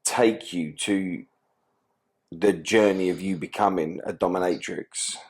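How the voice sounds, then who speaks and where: A man's voice: low-pitched, steady tone, a little slow, darkish tone. Teasing male podcast host. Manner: teasing, jokey. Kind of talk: conversational interview.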